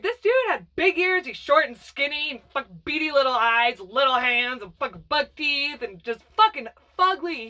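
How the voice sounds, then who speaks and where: A woman with a high-pitched voice tells a personal story in a loose, rambling way. She talks bluntly and swears a lot, with plenty of fillers and restarts. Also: fairly bright tone. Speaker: vlogger telling her life story.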